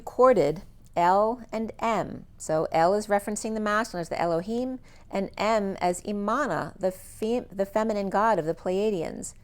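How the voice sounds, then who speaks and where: A woman giving a solo spiritual reading, thinking aloud as she lists word meanings in a musing run-on flow, her voice going a little hoarse. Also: mid-range voice, darkish tone. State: losing her voice, slightly hoarse. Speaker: spiritual reader.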